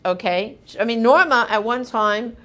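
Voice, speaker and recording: A woman's voice: a little high, measured pace, a bit bright. A woman hosting a live question-and-answer show, reading viewer comments and answering in an emphatic, indignant, chatty way.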